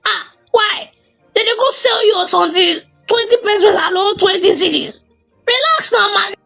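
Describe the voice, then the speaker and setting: An exasperated cartoon animal, voiced by a woman, nags in a Nigerian Pidgin accent. The voice sits very high with a gravelly edge. Light music plays underneath. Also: moderate pace, bright, forceful tone, full character voice. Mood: scolding. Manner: scolding, exasperated.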